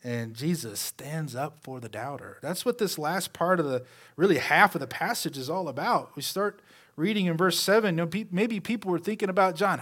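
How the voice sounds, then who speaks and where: Male pastor, slightly high voice, talky sermon full of rhetorical questions, trails off softly at phrase ends. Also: lively intonation, moderate pace. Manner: conversational preaching with rhetorical questions.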